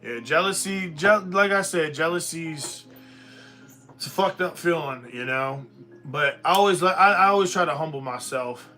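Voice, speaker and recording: A man's voice: sits high, expressive, moderate pace, pushed and bright, soft background music. A man hosting a live stream, ranting bluntly and profanely in a rambling, casual way.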